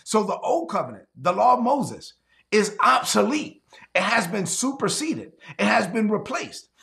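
A man's voice: high-pitched, big pitch swings, unhurried, gravelly, bright, forceful tone. A man preaching a sermon, earnest and confessional, often repeating and restarting his phrases.

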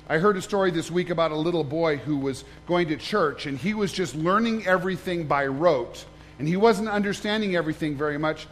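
A man, a pastor, giving a conversational sermon, joking and asking the congregation questions. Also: on the high side.

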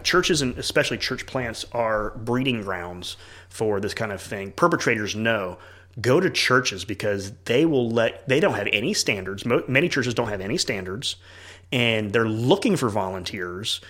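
Earnest man, animated church talk. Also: mid-range voice. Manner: earnest, animated, acts out quoted dialogue. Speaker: church leader and parent. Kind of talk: casual podcast conversation.

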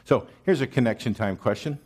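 A man's voice: mid-range voice, a little fast. A male pastor preaching a sermon in a conversational, wry manner, asking his listeners questions.

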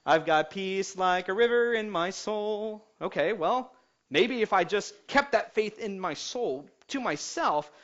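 A pastor with a high voice delivers a lively sermon in church, rising loud and then dropping soft, and trades quips with the congregation. The recording sounds dull and lo-fi. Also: male voice. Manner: energetic preaching with swings between loud and soft; jokes with the congregation.

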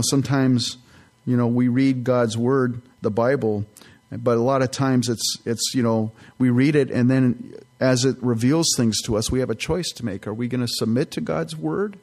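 A man's voice: medium pitch, moderate pace, darkish tone. A man teaching a sermon as a pastor, earnest and conversational, with casual asides between scripture readings.

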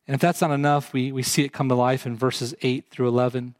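A man's voice: mid-range voice, level tone, brisk, dry recording. A man preaching a sermon, earnest, putting direct questions to his congregation. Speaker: pastor.

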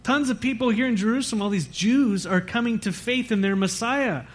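A man with a high-pitched voice delivers a church sermon as its pastor. He preaches conversationally, wandering with fillers and quick self-corrections.

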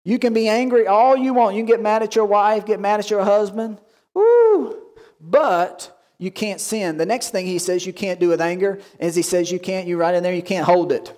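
A man pastor giving a lively sermon, acting out quoted voices and asking the congregation questions. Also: high-pitched, a little fast, hardly any pauses. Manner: animated preaching, acts out quoted voices.

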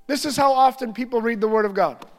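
High-voiced male pastor in a reverberant hall. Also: fast talker, faint music behind. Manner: earnest, repetitive lists, drops to quiet prayerful reading. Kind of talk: sermon.

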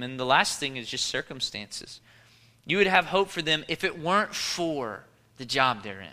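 A man delivering a sermon with a very bright, forward tone and a slightly high voice. He talks casually and animatedly, weaving jokes and stories into his preaching. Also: normal speed. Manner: conversational, animated storytelling with jokes. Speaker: pastor.

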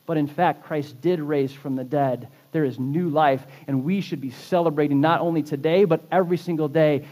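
High-voiced man preaching with fervor. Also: darkish tone. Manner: impassioned preaching, rising and falling emphasis. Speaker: pastor. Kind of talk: sermon. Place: church sanctuary.

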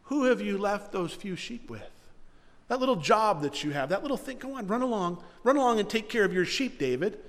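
A pastor putting on a sneering young man who belittles his little brother, dismissive and quick to brush him off. His voice sits high and rings out with a long echo. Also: expressive, a bit bright. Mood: scornful.

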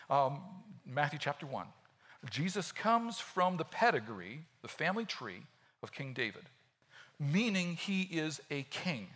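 A man preaching a sermon in a conversational, animated way, often acting out quotes. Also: on the high side. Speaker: pastor.

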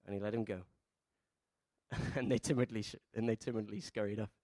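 Man, preacher, sermon, rhetorical questions, quiet asides to loud emphasis, dry sound. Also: steady tone, a little fast, dry recording. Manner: swings between soft, low asides and loud emphatic peaks. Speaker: pastor.

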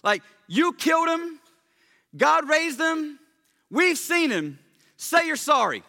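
A man voicing the apostle Peter as a bold, fired-up male preacher, loud and emphatic in a slangy retelling. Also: very high voice, big pitch swings, racing, creaky, voice pushed up, full character voice.

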